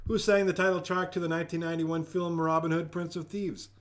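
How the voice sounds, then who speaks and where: A man's voice: a little high, flat delivery, fairly quick. A man hosting a live-streamed trivia game from home, joking around as he reads each question twice. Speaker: trivia host.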